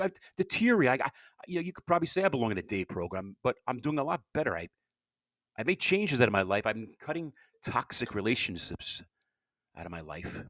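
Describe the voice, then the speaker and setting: A man's voice: on the low side, sharp tone, dry recording, clean studio sound. A middle-aged man giving a rambling, confessional podcast monologue. He stammers, repeats his words and speaks bluntly. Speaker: podcast host and comedian.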